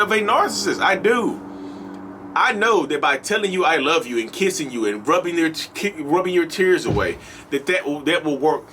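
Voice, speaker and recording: A man's voice: fairly high pitch, pushed and bright, a little hiss or hum. A man hosting a channel, talking straight to his viewers in a preachy, repetitive monologue and calling them y'all. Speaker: host of a channel on toxic relationships. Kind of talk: animated casual monologue to viewers.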